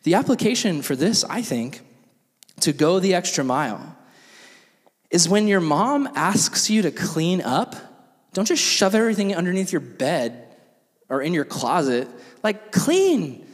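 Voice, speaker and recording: A man's voice: sits high, very animated, unhurried, big-room sound. A young man giving a youth sermon, telling stories with lots of acted-out quotes and filler "like"s. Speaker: youth pastor.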